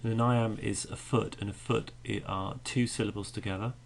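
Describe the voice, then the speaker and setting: Male teacher, low gravelly voice, patient podcast poetry lesson. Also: fairly even intonation, normal speed, a little hiss or hum. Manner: explains patiently, beats out stresses aloud.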